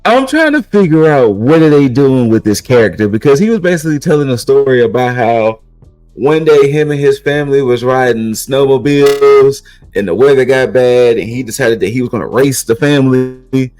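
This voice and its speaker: A man's voice: mid-range voice, lively intonation, normal speed, darkish tone, no room sound, soft background music, poor audio. A man co-hosting a podcast, recapping in casual chat and rambling with repeated restarts. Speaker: podcast co-host recapping wrestling.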